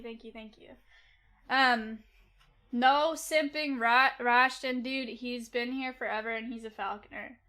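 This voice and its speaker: Young female streamer, high bright voice, slangy casual chatter reading out thank-yous. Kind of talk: casual livestream chat.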